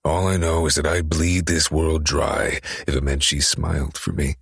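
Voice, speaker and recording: A man plays a cunning, possessive young man in an audiobook, his voice extremely deep and heavily husky. He talks slowly with controlled menace, recorded close and dry. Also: flat delivery, no room sound, exaggerated voice. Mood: intense. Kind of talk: audiobook character reading.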